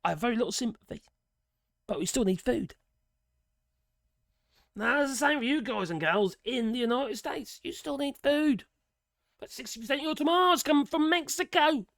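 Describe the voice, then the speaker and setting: A British man with a raspy voice, talking in a sarcastic, exasperated rant and swearing freely. His pitch swoops up and down as he talks. The sound is dry and close, with no room echo. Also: lively intonation, moderate pace, pauses often, fairly bright tone. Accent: British English. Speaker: political commentator. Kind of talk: casual ranting commentary.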